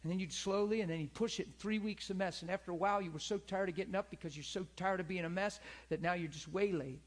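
A man's voice: sits high, fast talker. A man preaching a sermon in a conversational, earnest way, often calling for agreement. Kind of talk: sermon with personal story.

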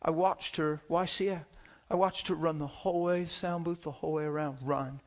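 Male preacher, somewhat high voice; animated storyteller who swings between shouts and whispers and laughs through his lines. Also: normal speed. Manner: laughs while talking. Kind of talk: sermon with personal stories.

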